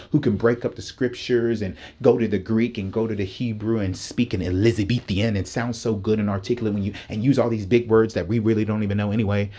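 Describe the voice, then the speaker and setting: Man preaching with fervor; husky, darker timbre, repeats phrases and leaps upward when heated. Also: dark tone. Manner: fervent, repeats himself, pitch climbs sharply when worked up. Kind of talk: impassioned sermon-style talk. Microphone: speaking to a recording device.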